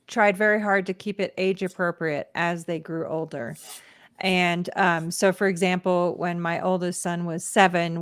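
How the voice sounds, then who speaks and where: A woman's voice: lowish voice, clean tone, no echo, studio quality. A woman guest talking casually about raising her children, chatty with frequent laughs. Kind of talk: casual chat.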